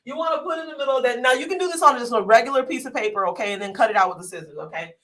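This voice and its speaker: A woman's voice: a little high, animated, rapid-fire, sharp tone, recorded from a distance, poor audio. A woman hosting a live online workshop, chatty and encouraging, full of y'all, calling viewers honey and sugar into a desk microphone. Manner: folksy, uses y'all often. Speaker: workshop host.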